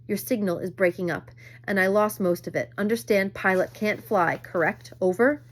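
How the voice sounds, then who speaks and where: A steady male radio operator from a storybook, read out by a woman. He speaks in brisk, formal radio phrases. His tone stays procedural and controlled. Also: medium pitch, close to an everyday voice. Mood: businesslike. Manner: clipped radio procedure talk.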